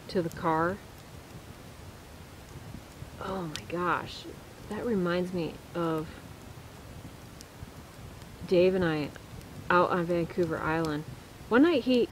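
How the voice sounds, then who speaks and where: A woman's voice: fairly low pitch, a little hiss or hum, low-quality recording. A woman vlogger telling a story casually to her viewers while camping alone in the woods at night, chatty, with restarts and fillers. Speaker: vlogger on a solo camping trip. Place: woods at night, at a debris shelter.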